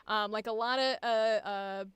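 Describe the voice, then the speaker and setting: A woman's voice: mid-range voice, fairly even intonation, normal speed, a bit bright, clear, resonant tone, no room sound. A woman coaching voice acting, rambling cheerfully, swearing freely and laughing often as she talks. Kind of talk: casual coaching chat.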